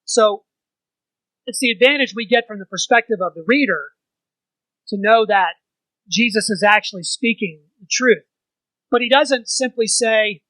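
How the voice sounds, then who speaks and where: A man's voice: high-pitched, a little slow, long pauses, sharp tone, no room sound, poor audio. A man leading an informal church Bible study, talking conversationally and putting questions to the group.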